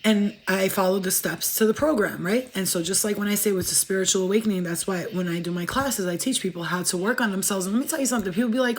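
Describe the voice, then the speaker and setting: A woman chatting casually to livestream viewers as a spiritual reader, fast-talking, profane and emphatic. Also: medium pitch, slightly rough.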